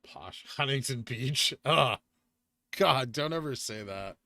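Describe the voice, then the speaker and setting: A man's voice: mid-range voice, lively intonation, slow pace, sharp tone, dry recording. A man with a Californian accent, chatting casually while hosting a live trading stream and answering questions from chat. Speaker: livestream host.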